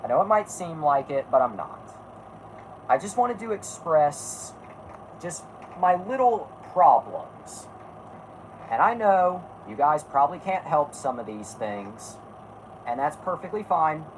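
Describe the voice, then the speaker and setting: Blunt, rambling low-voiced woman. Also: very animated, a little slow, a little hiss or hum, low-quality recording. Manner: blunt, rambling, self-correcting, swears freely. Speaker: podcast host. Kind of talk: casual chat.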